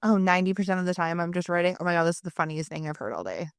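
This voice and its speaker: A woman's voice: on the low side, rapid-fire, clean tone, no echo, studio quality. A woman in her thirties co-hosting a podcast in casual chat, telling stories with acted-out quotes and free swearing. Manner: animated storyteller, swears freely, acts out quotes. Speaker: podcast co-host, mother.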